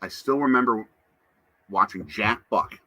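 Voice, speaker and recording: A man's voice: lowish voice, expressive, measured pace, bright, forceful tone, dry recording. A man hosting a casual live stream, chatting to viewers and reading out their comments. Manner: chatty, answers chat comments. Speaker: livestream host.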